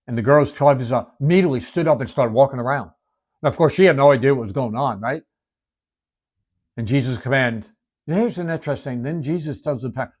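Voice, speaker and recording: Male preacher, sermon storytelling, mid-pitched, swings from emphatic to hushed. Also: normal speed.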